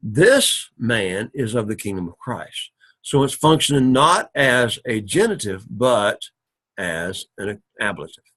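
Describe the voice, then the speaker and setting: Husky man lecturing on Greek grammar. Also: on the low side, very animated, a bit bright. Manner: patient, drawn-out explaining with many "all righty"s and restarts. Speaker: Greek teacher. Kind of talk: recorded classroom lecture.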